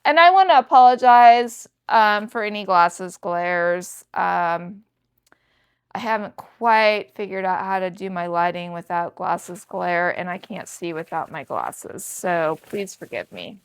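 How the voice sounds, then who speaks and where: A woman's voice: on the low side, slow pace, fairly bright tone, clear, resonant tone. A woman in her sixties chatting to viewers in a casual haul vlog, showing off thrifted handbags with chatty enthusiasm. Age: 60s. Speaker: thrift reseller vlogger.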